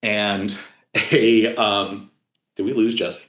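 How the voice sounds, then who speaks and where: A man narrating as game master of a tabletop horror game, halting with many fillers and restarts. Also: lowish voice, steady tone, fairly bright tone, reverberant.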